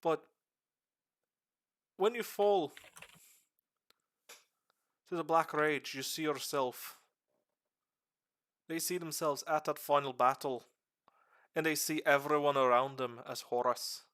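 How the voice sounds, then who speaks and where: Excitable man in a put-on Irish accent. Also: takes it slowly, long pauses. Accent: put-on Irish, slipping into Scottish. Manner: excitable, swearing, sudden pitch jumps. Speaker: streamer giving a lore lecture. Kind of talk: casual livestream lecture.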